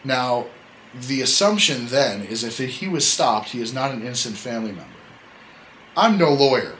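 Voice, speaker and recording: Hombre charlando con soltura en un pódcast, sonido con ligero ruido de fondo. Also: male voice, medium pitch, expressive, normal speed, a bit bright, slight background noise, poor audio. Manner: rambling, self-correcting, joking storyteller. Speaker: podcast host. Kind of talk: casual podcast chat.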